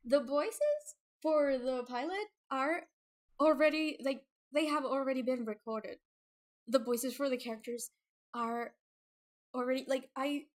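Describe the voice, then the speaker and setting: A young woman chatting casually on a livestream about her comic, nervous and giggly, halting with many fillers and restarts. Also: high voice. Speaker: webcomic creator streaming.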